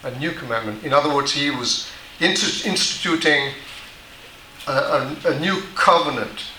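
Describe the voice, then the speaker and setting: Male pastor, sermon delivery, patient and repetitive, very bright tone, roomy church hall sound. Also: on the high side, measured pace, a little hiss or hum. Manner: patient, repetitive teaching with frequent restarts. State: dry mouth.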